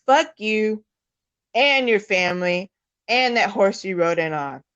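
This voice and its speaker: A woman's voice: mid-range voice, animated, slow pace, a bit bright, clear, resonant tone, no echo, muffled recording. A woman co-hosting a casual sports talk show, blunt, heated and profane. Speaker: podcast co-host.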